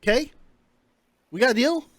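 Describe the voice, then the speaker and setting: A man's voice: very high voice, animated, normal speed, a bit bright, no echo, studio quality. A game master voicing a jumpy, grumpy hired thief, an adult man who rattles off nonstop, swearing and panicking, in a tabletop game. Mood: defensive.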